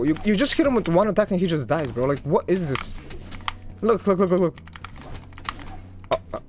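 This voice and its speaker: A man with a fairly high, very lively voice commentates his own gameplay. He jumps between loud excited outbursts and quiet muttering, talking straight to his viewers. Faint music plays behind him. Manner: excitable, swings from loud hype to low muttering; talks to viewers as "guys". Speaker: gaming video creator.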